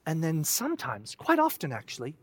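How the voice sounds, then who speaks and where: A preacher giving a sermon, telling the story in an animated way and acting out voices, then dropping to a soft, low voice for serious points. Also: a little fast, slightly rough.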